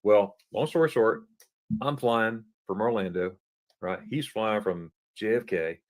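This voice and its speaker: Animated man telling a travel story. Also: lowish voice, measured pace. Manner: animated, acts out dialogue, stumbles and repeats words. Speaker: podcast guest. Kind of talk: casual anecdote telling.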